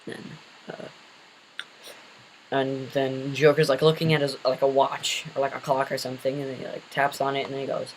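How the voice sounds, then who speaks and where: A man's voice: medium pitch, level tone, normal speed, a little hiss or hum, low-quality recording. A man casually retelling an invented superhero story, rambling with many fillers and self-corrections.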